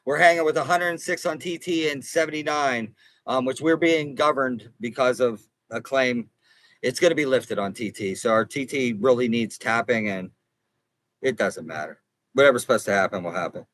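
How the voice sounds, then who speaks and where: A livestream host and consumer advocate chats casually with viewers from an RV, earnest but rambling, with phrases repeated and restarted. He speaks at a moderate pace with a mid-range, fairly bright voice, and the recording is dry and rough.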